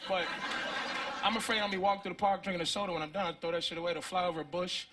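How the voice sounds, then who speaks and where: A man's voice: high voice, steady tone, rapid-fire, sharp tone. A man in his thirties doing a conversational, profane stand-up routine, acting out voices. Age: 30s. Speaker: stand-up comedian.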